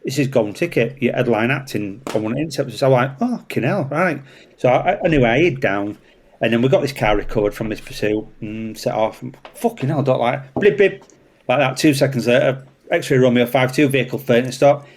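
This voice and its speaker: A man with a Yorkshire accent, a traffic police officer telling a story in casual chat, animated and swearing freely. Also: mid-range voice, fast. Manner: animated, swears freely, acts out voices in anecdotes.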